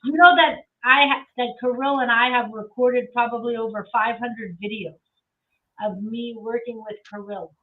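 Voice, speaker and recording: A woman's voice: fairly high pitch, fairly even intonation, normal speed. A woman speaking as a guest on a talk show, effusive and repeating phrases for emphasis, over a remote call. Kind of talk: casual talk-show conversation. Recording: tinny remote call from far off.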